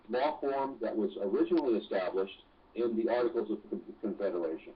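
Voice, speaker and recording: A man who is a guest on a talk radio show, explaining slowly and deliberately with pauses. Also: fairly low pitch. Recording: distant, dull phone-in sound.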